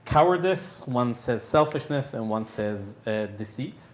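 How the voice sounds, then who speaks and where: A man narrating a tabletop game as game master, halting with many fillers and restarts. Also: lowish voice, echoey room, a little hiss or hum.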